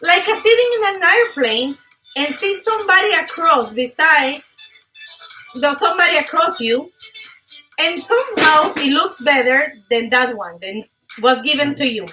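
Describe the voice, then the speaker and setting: Bright high-voiced animated woman host. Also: moderate pace, recorded from a distance, faint music behind, rough recording. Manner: animated, emphatic, laughs often. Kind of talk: live motivational talk show.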